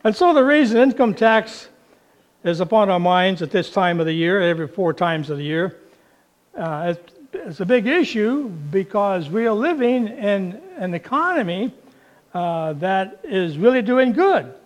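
A male pastor preaching a sermon in an unhurried, folksy way, telling a story with fillers along the way. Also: high voice, sing-song.

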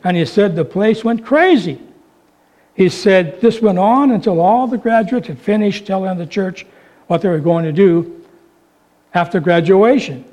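Man, preacher, high voice, sermon, storytelling, repetition, rhetorical questions. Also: a little slow, darkish tone, rough recording. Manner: storytelling, repeating lines for emphasis, rhetorical questions.

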